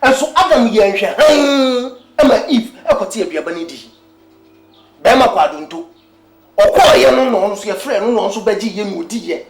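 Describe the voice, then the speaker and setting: A woman's voice: medium pitch, animated, brisk, close to an everyday voice. An actor playing an indignant spouse who argues heatedly with a pastor, switching between Twi and English in a film drama. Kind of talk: Ghanaian film drama dialogue. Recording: echoey room with faint music.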